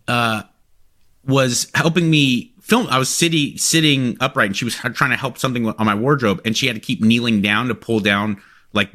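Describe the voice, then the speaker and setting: A man in his forties, co-hosting a casual chat and talking in an animated, joking way with a little swearing. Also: mid-range voice. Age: 40s. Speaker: co-host.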